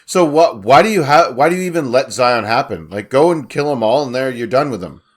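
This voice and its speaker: Canadian podcast co-host, mid pitch. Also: male voice, animated, brisk. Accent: Canadian English. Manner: questioning, riffing, swears freely. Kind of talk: casual chat about a movie.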